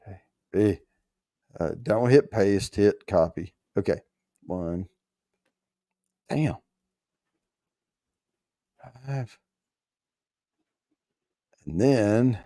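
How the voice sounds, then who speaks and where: Slow-talking joking male host. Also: on the low side, expressive, warm tone, no echo, studio quality. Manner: joking, loose, swears mildly while fumbling with the screen. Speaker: show host running a prize giveaway. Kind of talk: casual livestream chat.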